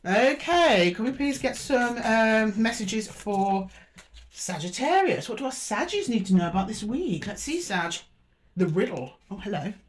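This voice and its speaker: A woman's voice: medium pitch, big pitch swings, a little slow. A woman giving an intuitive tarot reading, chatty and musing aloud as she speaks fondly to her listeners. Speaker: tarot reader.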